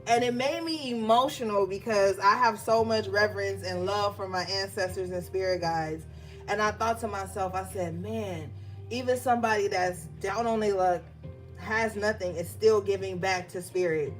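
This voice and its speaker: A woman's voice: medium pitch, moderate pace, faint music behind. A woman giving a casual, emphatic tarot reading, talking straight to her viewers. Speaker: tarot reader.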